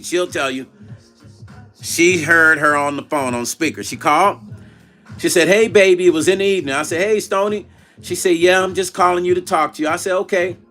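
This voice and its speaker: A middle-aged man hosts a casual livestream in a slightly high, bright and forceful voice. He tells a story through quoted back-and-forth dialogue and reads viewer chat aloud.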